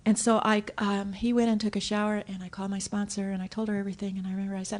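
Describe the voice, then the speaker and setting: A woman giving a personal story share at a recovery meeting, animated and acting out her own thoughts as she tells it. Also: mid-range voice, fairly quick, hardly any pauses. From Southern California. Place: hotel conference room.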